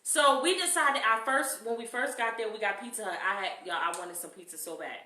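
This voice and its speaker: A woman co-hosting a casual family chat, telling stories with animated energy and talking straight to the listeners. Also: fairly high pitch, a little fast. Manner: animated storyteller, addresses listeners as y'all. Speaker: podcast co-host, mother. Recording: echoey room, distant mic.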